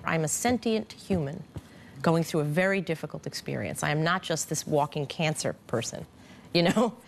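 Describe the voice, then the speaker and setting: A woman who has been through cancer, speaking candidly and haltingly in an interview, with frequent restarts and fillers. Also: deep voice, vocal fry, a little hiss or hum. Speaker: former cancer patient. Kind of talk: reflective interview.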